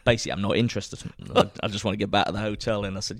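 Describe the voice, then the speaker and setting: A man's voice: on the low side, very fast, few pauses, no room sound, studio quality. An older English man and former footballer, animatedly telling a personal story and acting out quoted dialogue. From England. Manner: animated, acts out quoted dialogue, laughs often. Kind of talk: anecdotal storytelling.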